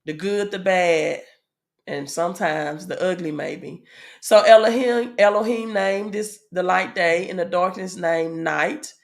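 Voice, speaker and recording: Slow-talking Southern woman teaching. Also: on the low side, creaky. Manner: asks the audience "right?" often; unhurried with frequent "um" fillers. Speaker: spiritual teacher. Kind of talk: casual spiritual teaching.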